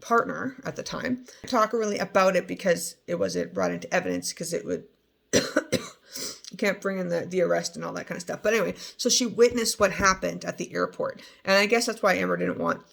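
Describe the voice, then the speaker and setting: A woman's voice: on the low side, moderate pace, vocal fry. A woman chatting casually as she recaps a trial, rambling with many fillers and restarts. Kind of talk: casual chat.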